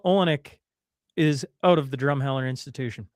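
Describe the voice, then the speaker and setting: A man's voice: mid-range voice, a little fast, no room sound, studio quality. A man co-hosting a podcast, reading headlines in a chatty way and calling his listeners folks. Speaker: podcast co-host. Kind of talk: casual news commentary.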